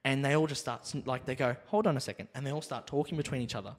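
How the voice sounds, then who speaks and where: A man's voice: medium pitch, fast talker, hardly any pauses, a little hiss or hum. A man, casually telling a rowdy story on a podcast, acting out the other people in it. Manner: animated, acts out the other people in his stories. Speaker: podcast co-host. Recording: reverberant room.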